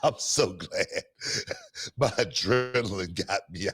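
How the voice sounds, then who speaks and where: A middle-aged man co-hosting a podcast, telling stories in a loud, animated way with lots of slang and laughter. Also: low-pitched, takes it slowly, breathy edge. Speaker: podcast co-host. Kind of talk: casual storytelling chat.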